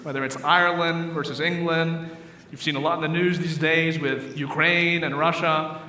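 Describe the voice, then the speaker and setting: A man preaching a sermon, telling stories and acting out the characters in a lively way. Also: a little high, moderate pace, far from the mic, slight background noise. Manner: animated storyteller voicing characters in jokes. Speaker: pastor. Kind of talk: sermon storytelling. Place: church sanctuary. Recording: echoey hall recorded from afar.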